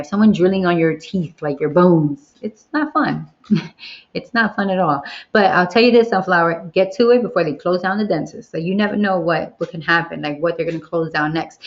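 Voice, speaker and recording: A woman hosting a casual livestream Q&A, talking candidly and swearing freely. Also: on the low side. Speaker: livestream host. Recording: dull lo-fi livestream audio.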